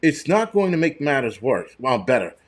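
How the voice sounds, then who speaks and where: A man's voice: medium pitch, big pitch swings, moderate pace. A middle-aged man hosting a live stream, talking in a loose, rambling way and breaking into profane, heated rants with many restarts. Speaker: show host.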